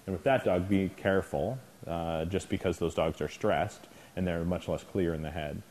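A man's voice: low voice, moderate pace, a little mellow, a little hiss or hum. A man teaching a clinic for dog trainers, talking conversationally, often checking in with the class and acting out scenes. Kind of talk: informal lecture to trainees.

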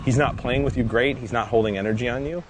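A man's voice: mid-range voice, steady tone, fast talker. A man, a dog trainer, coaching a handler through a live session in a casual, instructive way, often checking in with "right?". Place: outdoors, training area. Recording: outdoor noise.

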